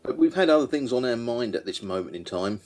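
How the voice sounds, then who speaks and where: A man's voice: medium pitch, very animated, a little fast, darkish tone, soft background music. A man playing in a tabletop game, joking around with the group. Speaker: player.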